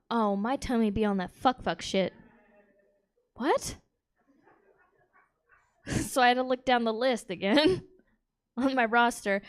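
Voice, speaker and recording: A woman works a comedy club crowd from the stage with a bawdy, brash stand-up set, chuckling along at her own jokes. Her voice sits a little high and comes through smooth and clear on the stage mic. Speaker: stand-up comic.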